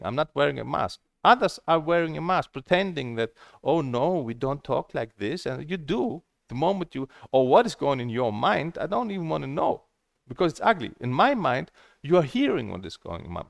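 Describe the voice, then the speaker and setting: Blunt ranting male vlogger, gravelly and lively, dry close sound, swears freely. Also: a little high, normal speed, dry recording. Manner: blunt, heated and profane; repeats himself, restarts phrases. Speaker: table tennis game vlogger. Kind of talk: casual ranting monologue.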